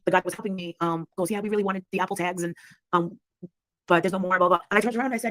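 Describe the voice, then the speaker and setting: A woman's voice: medium pitch, racing, dry recording. A woman hosting a casual livestream chat, blunt and swearing freely, often laughing. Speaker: livestream host.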